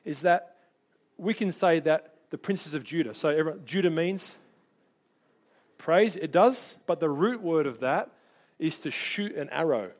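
A middle-aged man preaching a sermon, telling personal stories in an animated way and briefly doing voices for the people in them. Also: on the high side. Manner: animated storyteller, doing quick voices for people in his anecdotes.

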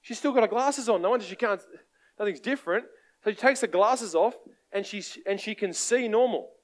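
An Australian preacher man with a fairly high-pitched voice. He tells stories in a loose, conversational way and keeps checking in with the congregation. He sounds lively and animated throughout. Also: a little fast. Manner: animated, conversational, asks the crowd for amens. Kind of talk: sermon with storytelling.

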